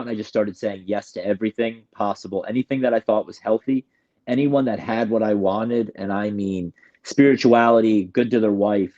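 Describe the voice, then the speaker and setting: A man's voice: fairly low pitch, warm tone, dull audio. Emotional man telling his recovery story. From New York. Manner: emotional, rambling, restarts often. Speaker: guest sharing recovery story. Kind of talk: candid personal storytelling.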